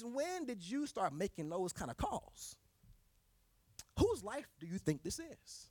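A man's voice: high-pitched, very animated, takes it slowly, a little mellow, no room sound. A man preaching a sermon, driving points home with repeated rhetorical questions.

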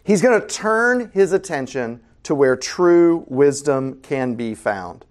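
Lively man teaching a Bible class. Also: fairly high pitch, slow pace. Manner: animated, conversational, asks the class questions. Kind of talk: casual Bible lesson.

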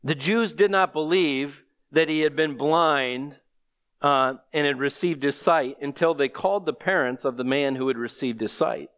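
A man's voice: a little high, normal speed, fairly bright tone. A man preaching a sermon, reading scripture aloud and pressing the listeners with rhetorical questions. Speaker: pastor.

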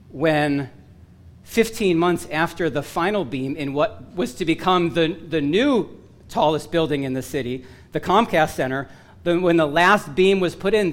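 A man preaching a sermon, earnest and emphatic with touches of self-deprecating humor, his voice going hoarse. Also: a little high. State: losing his voice.

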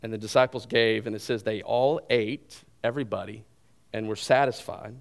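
A pastor preaching a sermon to his congregation, retelling the story in an animated way and mixing in humor and asides. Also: lowish voice, moderate pace, creaky.

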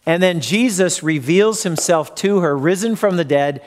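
A man's voice: high-pitched, normal speed. A man preaching a sermon, retelling a story and briefly acting out the voices in it. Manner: storytelling, acts out quoted voices. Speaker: pastor.

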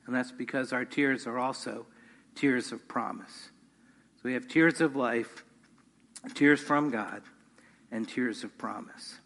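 A man's voice: medium pitch, steady tone, slow, pauses often, a bit bright. A man preaching a sermon to his congregation, earnest, rising in force on key points. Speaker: pastor. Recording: long hall reverb.

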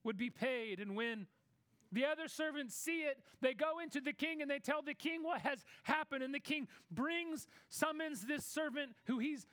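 A man preaching a sermon in a conversational way, acting out Bible characters in quick asides. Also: extremely high pitch, a bit bright, dry recording.

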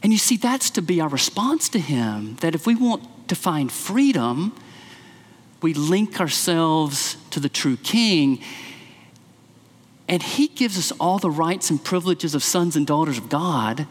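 Brief: a male pastor preaching and storytelling, with a high voice and a long hall reverb. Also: unhurried, husky. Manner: storytelling, with animated acted quotes. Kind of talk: sermon.

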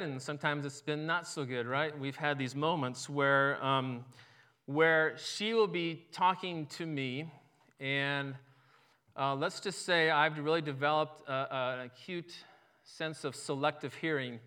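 A man's voice: fairly high pitch, smooth. A man in his fifties giving a sermon, opening with a joke and telling stories with self-deprecating humor. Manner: relaxed storytelling, self-deprecating humor, chuckles often.

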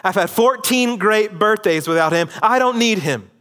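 A man voicing a hurt, defiant teenage boy who was abandoned by his father, repeating himself loudly and insistently. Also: medium pitch, expressive, takes it slowly, husky, exaggerated voice. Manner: loud, insistent repetition.

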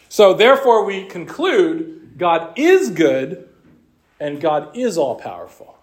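Man, high pitch, Bible class teacher, conversational lecture, reads passages aloud. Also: sing-song, slow, husky.

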